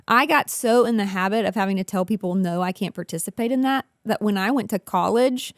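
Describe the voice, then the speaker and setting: A woman with a middle-pitched voice talks candidly as a podcast guest, animated and direct. She is a former school teacher, and the recording is dry and close. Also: brisk, no room sound. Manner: candid and animated, uses y'all. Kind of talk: casual discussion.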